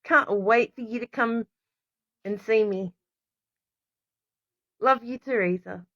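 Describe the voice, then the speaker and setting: A woman's voice: on the high side, slow, a bit bright, no echo. A woman talks in an emotional, rambling monologue to camera and keeps breaking off to apologize. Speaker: vlogger. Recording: dull lo-fi recording.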